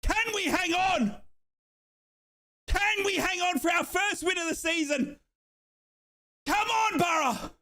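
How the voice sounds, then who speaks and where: A young man from Australia giving excited, breathless live commentary on a football match as a fan streamer, shouting and chanting along. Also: very high-pitched, unhurried.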